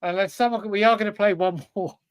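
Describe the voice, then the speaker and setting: Male co-host, high-pitched, dry close mic, English, swears, talks to himself mid-quiz. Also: steady tone, fairly quick, clean tone, dry recording. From England. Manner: swears freely, blurts answers, talks to himself. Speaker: podcast co-host. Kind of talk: casual chat while playing a football quiz.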